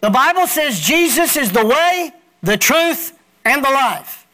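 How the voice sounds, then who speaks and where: The congregation is asked to repeat after a male pastor whose preaching pace is a little slow. His pitch is extremely high, and his voice is bright and forceful with lively intonation.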